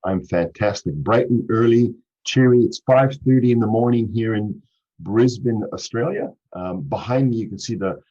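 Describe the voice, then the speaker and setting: A man's voice: on the low side, normal speed, warm tone. A middle-aged man from Canada with a Canadian accent, a cheerful podcast guest who laughs often and talks with many fillers and restarts over a video call. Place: home office. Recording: dull lo-fi call audio.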